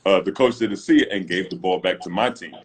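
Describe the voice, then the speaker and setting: A British former pro basketball player co-hosts a casual livestream, captured on a phone amid crowd noise. His deep voice moves briskly as he tells animated stories, acting out quotes and laughing often.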